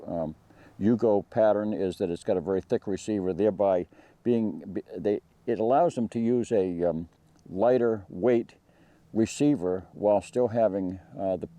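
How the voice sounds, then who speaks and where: A man's voice: on the low side, mellow, no echo. A man hosting a firearms channel, talking through a rifle review in a rambling way with many fillers and restarts. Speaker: gun channel host. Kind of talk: casual spoken product review.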